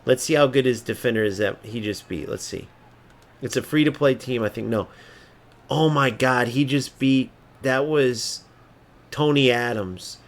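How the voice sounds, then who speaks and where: A man at an ordinary middle pitch rants through his football video game match, cursing constantly and mocking his opponents. He drops to low mutters, then bursts out loud again. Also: unhurried. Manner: angry, profane, swings between mocking and muttering. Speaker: gaming streamer. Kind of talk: ranting live gameplay commentary.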